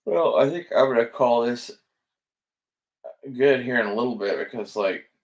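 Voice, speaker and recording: A man's voice: medium pitch, normal speed. A man giving casual, rambling commentary on gun listings, laid-back and sleepy, swearing often and trailing off with fillers. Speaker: gun vlogger browsing listings.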